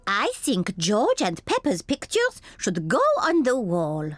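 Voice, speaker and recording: Cartoon gazelle teacher, female, kindly and encouraging, very sing-song and unhurried. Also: medium pitch, huge pitch swings, music in the background. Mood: warm. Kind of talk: cartoon voice acting.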